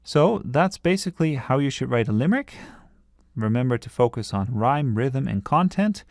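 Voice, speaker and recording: A man's voice: mid-range voice, big pitch swings, normal speed, creaky, a little mellow, dry recording, clean studio sound. A man teaching a writing lesson, explaining patiently and breaking off now and then to restart a thought.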